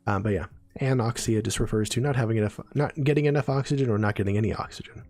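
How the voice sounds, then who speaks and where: A man's voice: fairly low pitch, fast talker, a little mellow, soft background music. A man giving a casual live-stream neuroscience lesson, explaining terms and checking in with viewers as he goes. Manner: chatty, explains terms with frequent "right?" and "okay?" check-ins.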